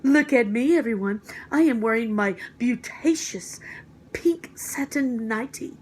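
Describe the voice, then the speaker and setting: A woman puts on a vain little storybook girl who draws her words out slowly. She preens and shows off, fussy and precious. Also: fairly high pitch, expressive, slight background noise. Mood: showy. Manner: show-offy, drawn-out and precious. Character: prissy, showy little rich girl.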